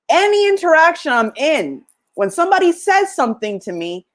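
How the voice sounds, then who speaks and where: A middle-aged woman hosts a motivational podcast in a bright, high voice whose pitch swoops widely. She tells stories, acts out old conversations and often breaks into laughter, making the delivery animated and personal.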